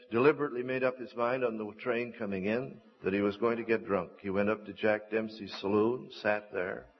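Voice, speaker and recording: A man preaching a sermon, telling stories in an earnest, measured and deliberate way. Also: fairly low pitch, husky. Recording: dull lo-fi recording.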